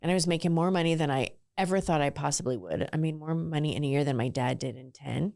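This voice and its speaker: A woman's voice: deep voice, quick pace, vocal fry, a little mellow, no echo, clean studio sound. A woman in her forties from southern California, a guest telling her story candidly in a casual interview, with lots of "like" fillers. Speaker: guest, ice cream entrepreneur.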